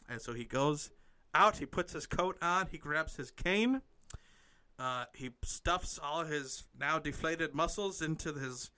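A man's voice: mid-range voice, a little slow, pushed and bright. A man improvising a comic story, rambling and playful, often breaking into giggles.

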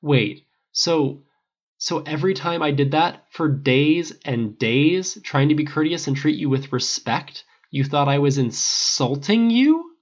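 A man voicing an earnest, polite, old-fashioned man who stammers when upset, with a gravelly voice on a dull recording. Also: mid-range voice, lively intonation, slow pace, voice pushed up. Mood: distressed.

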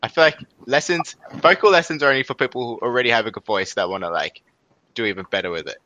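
A man's voice: mid-range voice, fast talker, bright, forceful tone, lo-fi sound, slight background noise. A young Australian man co-hosting a podcast, chatting casually and rambling with lots of fillers and laughs. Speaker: podcast co-host. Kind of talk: casual chat.

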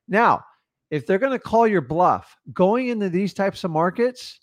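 A blunt, confident man with a slightly high voice talks through how to negotiate with sellers. His voice is close and dry, with no room sound. He speaks like a coach who has done plenty of deals. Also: expressive, unhurried, no echo. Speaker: real estate wholesaling coach. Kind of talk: casual coaching talk.

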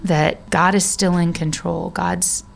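A woman co-hosting a casual faith podcast, telling Bible stories with animated asides and many "you know"s. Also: fairly low pitch, takes it slowly, creaky. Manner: animated storyteller, reads scripture aloud, frequent "you know". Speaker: podcast co-host.

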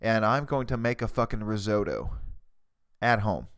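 A man's voice: on the low side, expressive, normal speed, a bit bright, clear, resonant tone. A man hosting a casual podcast from his basement, rambling profanely and mocking himself. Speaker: podcast host. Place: home basement. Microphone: cheap desktop USB mic.

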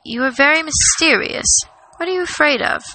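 A woman voicing an earnest, excitable young male hobbit with eager, rising exclamations. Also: high-pitched, moderate pace, slight background noise, pitched above the performer's own voice, heavily acted, low-quality recording.

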